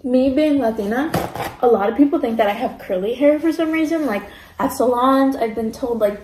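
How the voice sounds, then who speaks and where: A woman's voice: a little high, normal speed, darkish tone, roomy sound, low-quality recording. A young woman vlogging casually while eating, ranting about pet peeves with lots of fillers. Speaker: mukbang vlogger.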